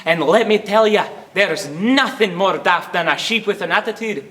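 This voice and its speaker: A man's voice: high-pitched, normal speed, pushed and bright. A young man playing a grumbling, self-pitying Scottish shepherd in a put-on Scottish accent, performing a humorous interpretation piece. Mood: ranting. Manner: ranting, self-pitying, theatrical. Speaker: student competitor.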